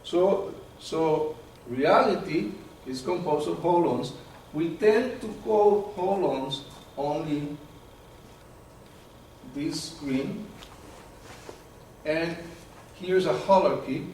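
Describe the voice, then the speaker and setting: A man lectures to a small audience, his voice somewhat high for a man and lively, with frequent restarts as he hunts for the right word. He is picked up from a distance, so the sound is very echoey and carries faint room hiss. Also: drawn-out words. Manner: animated, repeats words while searching for terms. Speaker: presenter. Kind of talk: live lecture with audience questions.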